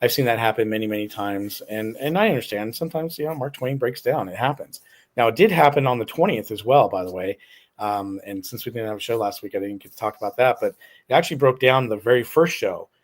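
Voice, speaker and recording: A man co-hosting a podcast, casually telling a story with emphasis. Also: medium pitch. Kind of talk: casual chat.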